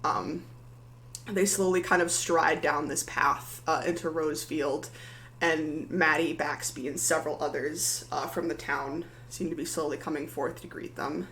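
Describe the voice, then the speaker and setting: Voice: medium pitch, steady tone, measured pace, a bit bright. A game master narrates a tabletop session in a rambling, filler-laden way. The voice sits in a roomy space with a faint hum behind it.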